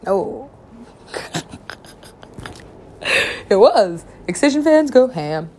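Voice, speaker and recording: Woman, casual rambling storyteller, lowish voice, laughs and curses freely, animated self-quotes. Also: slow pace, long pauses, slight background noise. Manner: giggly, swears a lot, acts out her own quotes with big pitch swings.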